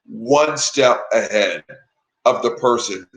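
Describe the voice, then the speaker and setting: A blunt, emphatic man answers questions as an interview guest, now and then clearing his throat from allergies. His voice has a bright, forceful edge at a middle pitch. The room around him rings with echo. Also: takes it slowly. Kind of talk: casual interview chat. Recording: echoey room.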